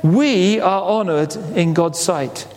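A man preaching a sermon as a pastor, animated, asking rhetorical questions and repeating words as he goes. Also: sits high, takes it slowly, in a large hall.

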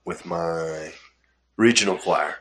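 A young man chatting casually, drifting through a long anecdote and acting out what people said along the way. His voice is fairly low but bright, and he laughs often as he talks. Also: slow pace, a little hiss or hum. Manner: rambling storyteller, laughs often, acts out quotes. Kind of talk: casual chat.

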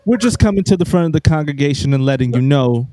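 A man's voice: fairly high pitch, expressive, fast, mellow, dry recording. A man co-hosting a casual podcast, playful and emcee-like as he steers the talk. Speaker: podcast co-host. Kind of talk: casual chat.

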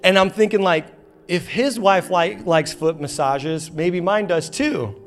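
A man's voice: sits high, unhurried, faint music behind. A man in his thirties preaching a sermon in a church auditorium, telling a funny story with lots of energy and playful acted quotes. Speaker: pastor.

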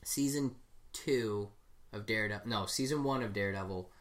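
A man's voice: fairly low pitch, moderate pace. A man co-hosting a casual movie podcast, rambling through scenes with lots of fillers and restarts. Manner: rambling, animated retelling with fillers. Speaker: podcast co-host.

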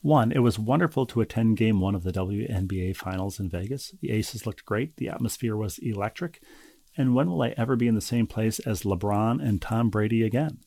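Wry gravelly man reading mail. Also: lowish voice, dark tone, dry recording. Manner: wry, teasing, halting with restarts. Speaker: podcast co-host. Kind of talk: casual chat, reading listener mail.

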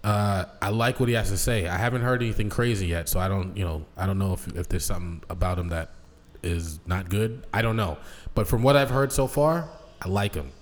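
A man co-hosting a podcast in casual chat, rambling and animated with lots of restarts. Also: low-pitched, a little fast. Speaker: podcast co-host. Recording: long hall reverb.

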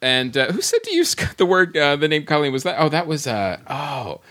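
A man's voice: on the high side, big pitch swings, normal speed, bright, forceful tone. A man hosting a podcast, reading listener comments aloud in a mock-grand way and often breaking into laughter. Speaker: podcast host.

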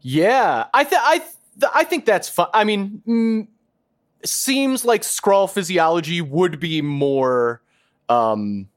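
A man with a fairly high voice co-hosts a podcast in casual chat. He speaks haltingly, stopping to restart his sentences, and his pitch jumps up when he hesitates. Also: very animated. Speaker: podcast co-host.

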